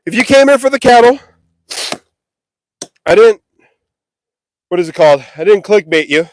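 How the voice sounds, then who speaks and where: A man's voice: high voice, expressive, moderate pace. A man livestreaming from a farm on his phone, joking about himself while he works and catches his breath. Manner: jokey self-mocking chatter while working outdoors. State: out of breath and sweaty. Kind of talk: casual live vlog. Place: outdoors on a farm property, windy. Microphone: phone held or carried while working.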